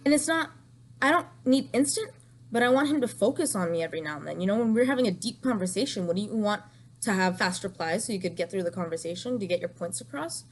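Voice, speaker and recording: A woman's voice: medium pitch, lively intonation, fast talker, a little hiss or hum. A young woman telling an emotional storytime vlog, distraught and rambling, repeating herself and crying at times.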